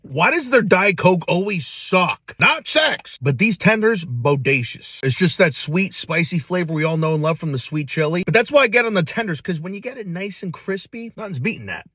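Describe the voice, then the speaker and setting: Hyped male food vlogger, high bright voice, a bit husky, slangy. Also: expressive, normal speed, few pauses, no room sound. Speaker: food reviewer. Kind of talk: casual food review vlog.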